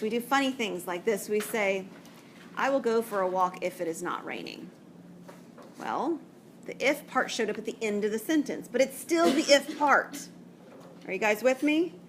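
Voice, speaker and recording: A woman's voice: a little high, fairly bright tone, slight background noise. A woman math teacher lecturing to a class, chatty and checking in often with "okay?". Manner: chatty, explains step by step with frequent "okay?" checks.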